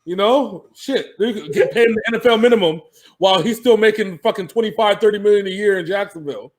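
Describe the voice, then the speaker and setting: A man's voice: sits high, a little fast. A man co-hosting a sports podcast, talking casually and animatedly, laughing and swearing freely.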